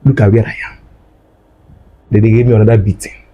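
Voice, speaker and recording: Husky-voiced man recounting an ordeal. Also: on the low side, little pitch movement, fairly quick, highs cut off. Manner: repeats phrases, acts out dialogue. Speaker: guest recounting his ordeal. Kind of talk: emotional first-person storytelling.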